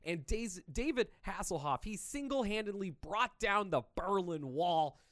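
A man's voice: high-pitched, animated, a little slow, a bit bright, no room sound, clean studio sound. A man hosting a podcast in loose, joking casual chat, swearing freely. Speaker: podcast host.

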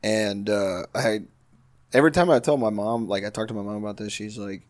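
A young man co-hosting a podcast, joking crudely and swearing a lot. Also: brisk. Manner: profane, joking, breaks into falsetto singing. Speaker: podcast co-host. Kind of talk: crude casual banter. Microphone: headset mic with headphones.

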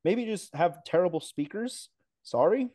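Emphatic, upbeat man with a brighter tone. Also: sits high, lively intonation, moderate pace. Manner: enthusiastic, emphatic, talks at length with playful asides. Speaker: racing announcer, podcast guest. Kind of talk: casual podcast interview.

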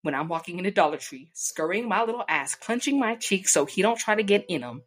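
A young woman vlogger casually telling a profane, animated story, acting out the people she quotes. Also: lowish voice, a little fast. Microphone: desk mic.

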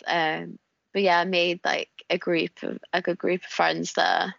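A young woman with a northern English accent from around Wigan, talking casually and laughing through her stories. Her voice sits a little low, and the recording is dry with a slightly muffled top end. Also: level tone, unhurried, vocal fry, a bit bright, no echo. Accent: northern English, Wigan area. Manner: chatty, laughs often, tells anecdotes. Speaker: podcast guest. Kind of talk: casual chat.

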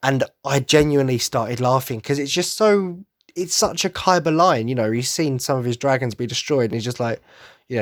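A man's voice: mid-range voice, no echo, studio quality. A young man, gushing enthusiastically in a casual solo podcast monologue. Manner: enthusiastic fan gushing, quick asides. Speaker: podcast host.

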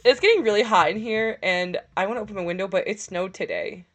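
A young woman from upstate New York rambles through her stories in a casual chat, swearing freely and laughing along. She talks over a voice-chat mic with a pitch that sits in the middle for a woman. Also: fast talker, a bit bright. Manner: rambling, profane storytelling with laughs. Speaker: podcast co-host. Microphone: push-to-talk voice chat.

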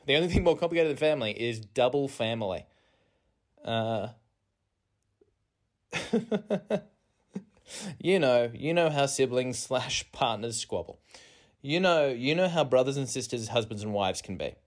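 A man's voice: expressive, a little slow, long pauses. A man, hosting a podcast as a rambling comic monologue, self-mocking and meandering, recorded on a phone in a rented apartment. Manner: self-mocking, meandering, with sudden jumps in pitch. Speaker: podcast host.

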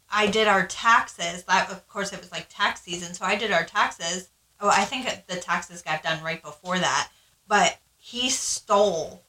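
A woman's voice: lowish voice, bright, forceful tone, reverberant, slight background noise, rough recording. A woman co-hosting a podcast, telling her story in casual, frank chat, swearing freely and acting out what people said. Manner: frank, swears freely, acts out quoted lines. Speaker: podcast co-host.

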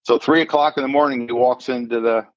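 A man's voice: mid-range voice, fairly even intonation, fast talker, no echo. An older man, a retired forensic accountant, telling a story in an interview and acting out the voices of the people in it. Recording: dull lo-fi sound.

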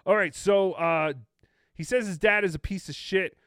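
With a high, fairly bright, clear and resonant voice at a moderate pace, this podcast host riffs on stream clips, sarcastic and frequently laughing. The studio recording is dry.

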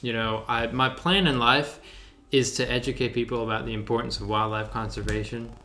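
A man's voice: mid-range voice, steady tone, fairly quick, bright, forceful tone. A young adult man chatting casually on a podcast, laid-back and enthusiastic, with a lot of "dude". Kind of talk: casual chat. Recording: roomy echo.

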